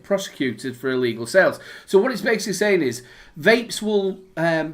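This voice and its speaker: Northern English man, casual chat, halting delivery, reads news out, fairly high pitch. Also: fairly bright tone. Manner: rambling, many restarts and fillers, reads news aloud. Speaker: podcast co-host.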